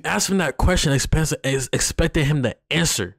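A young man hosting a reaction video, talking in an excitable, rambling way with drawn-out phrasing. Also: a little high, gravelly, no echo, clean studio sound. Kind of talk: casual reaction commentary.

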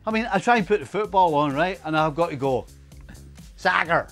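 A man's voice: a little high, animated, fast talker, soft background music. A middle-aged man, a former footballer, chatting as a pundit in a wry, grumbling way. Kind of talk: casual studio chat.

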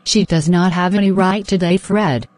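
A woman voicing a jealous, hot-tempered young woman in an animated drama, indignant and dramatic. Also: lowish voice, moderate pace, no room sound, natural voice.

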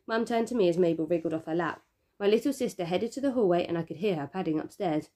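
A woman teacher reads a children's novel aloud with steady, expressive storytelling. Her voice sits a little low for a woman. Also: fast.

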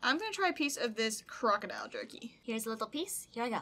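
Young woman, upbeat vlogger type, bright higher voice, excitable and emotional. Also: quick pace. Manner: bubbly and excitable, squeals up high, gets teary reading fan letters. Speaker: YouTuber. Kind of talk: casual vlog chat. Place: home room with packages.

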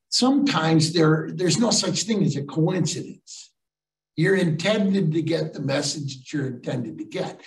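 An older man spins comic stories in a lively, jokey way, landing one-liner after one-liner. His voice is fairly high for a man. He sits well back from the mic in an echoey room. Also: distant mic. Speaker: keynote speaker. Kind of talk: comic storytelling talk.

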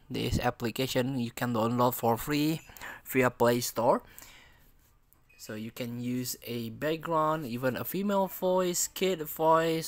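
A man hosting a casual how-to tutorial. He uses simple phrasing and fills pauses with hesitant sounds. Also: mid-range voice, no echo. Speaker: tutorial channel host.

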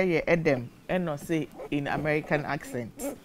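A Ghanaian woman presenting on air, reading viewer comments aloud in a loud, animated way and laughing as she goes. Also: low-pitched, moderate pace, slight background noise. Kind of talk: lively commentary mixing English and Twi.

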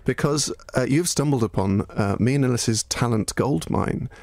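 A man's voice: mid-range voice, moderate pace, a little mellow, no room sound. A man with a Bristolian accent co-hosting a comedy podcast, dry and mock-formal as he reads out listener messages. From Bristol, England. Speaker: radio podcast co-host. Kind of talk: casual comedy chat.

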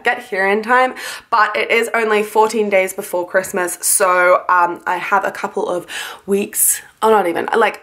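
A young woman talks casually and enthusiastically, piling up compliments about everything she shows. Her voice sits at an ordinary middle pitch. There is a sleepy, just-woke-up edge to her chat, with plenty of likes and ums. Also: a bit bright. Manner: gushing, enthusiastic, chatty with many likes and ums. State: sleepy, yawning. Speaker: planner sticker haul vlogger. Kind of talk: casual haul video chat.

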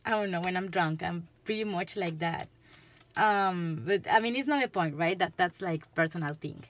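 A woman's voice: on the low side, moderate pace. A woman with a Spanish accent giving a tarot reading to camera, chatting loosely and laughing often. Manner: giggly, chatty, loose rambling. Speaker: tarot reader.

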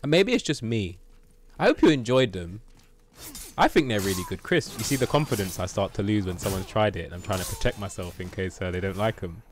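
A man's voice: fairly low pitch, lively intonation, brisk. A British man streaming a game live, chatting playfully with viewers and joking as he plays. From Britain. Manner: playful, banters with chat, jokes and mutters at the game.

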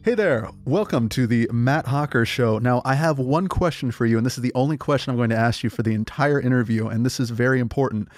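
A young man hosting a comedy podcast, rambling through absurd narration and a mock interview in a deadpan way. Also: medium pitch, quick pace, hardly any pauses, no room sound.

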